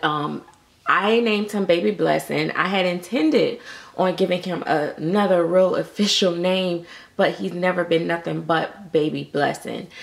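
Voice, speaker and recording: A woman chatting casually to camera about her collectible dolls, animated and full of acted-out quotes. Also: lowish voice, vocal fry. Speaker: doll collector vlogger.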